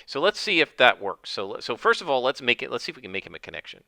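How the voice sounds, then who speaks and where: A man's voice: mid-range voice, big pitch swings, fast talker, vocal fry, sharp tone, dry recording. A man narrating his solo tabletop game, thinking aloud with many fillers.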